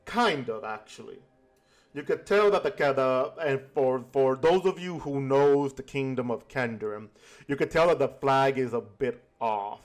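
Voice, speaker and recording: Man, game master, tabletop narration, slow, halting. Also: medium pitch, expressive.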